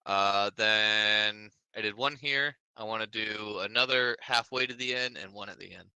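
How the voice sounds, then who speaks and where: A man's voice: fairly low pitch, moderate pace, bright, forceful tone, smooth, dry recording. A man playing a tabletop game, hesitant and focused on the rules. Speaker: player. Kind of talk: casual tabletop play.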